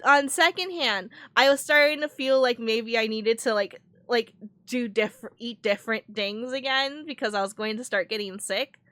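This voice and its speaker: A woman's voice: on the high side, normal speed, a bit bright, dry recording. A young adult woman streamer chatting casually while playing a game, rambling, laughing often and saying "like" a lot.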